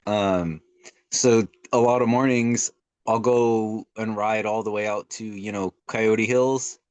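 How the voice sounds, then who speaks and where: A young man talks in a loose, rambling way, circling back and restarting his sentences as he chats. His voice sits a little low and the sound is dry and close, with no room around it. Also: steady tone, slow pace, clear, resonant tone, no echo. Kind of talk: casual chat.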